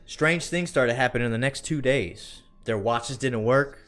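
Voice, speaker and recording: A man, telling a story in a drawn-out country storytelling voice and often asking "all right?". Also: mid-range voice, fairly bright tone, faint music behind. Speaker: podcast co-host.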